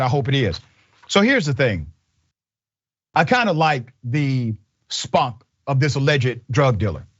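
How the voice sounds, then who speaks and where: A man's voice: a little high, fairly bright tone, muffled recording. A man hosting a news commentary show, emphatic and indignant, speaking in short punchy sentences. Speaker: show host.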